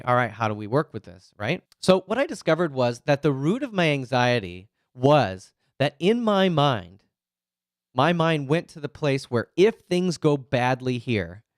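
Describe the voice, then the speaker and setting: A man's voice: mid-range voice, no echo, studio quality. A man in his forties, a retired police officer, speaking candidly to an audience about his anxiety, often checking in with "right?" and "you know". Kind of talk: personal talk to an audience.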